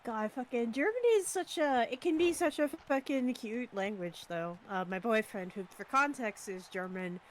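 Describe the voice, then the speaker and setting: A woman's voice: fairly high pitch, animated, normal speed, hardly any pauses. A woman chatting casually, amused and swearing freely. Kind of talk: casual chat.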